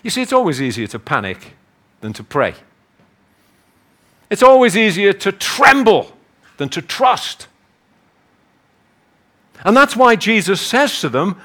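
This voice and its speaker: Animated Liverpudlian preacher, high voice. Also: male voice, a little slow, pauses often. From northern England. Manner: animated, acts out voices, rises to emphatic peaks. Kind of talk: sermon.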